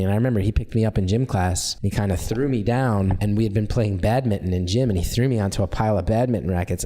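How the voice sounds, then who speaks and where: American male comedian, 30s, mellow low-key voice, candid storyteller, podcast guest. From United States. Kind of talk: casual storytelling interview.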